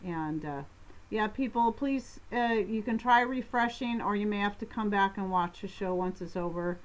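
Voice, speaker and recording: A woman's voice: mid-range voice, rough recording. A woman co-hosting a homestead live-stream Q&A, chatting casually, rambling and breaking off mid-thought with small laughs. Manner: rambling, self-interrupting, quick laughs. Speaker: co-host of a homestead live show.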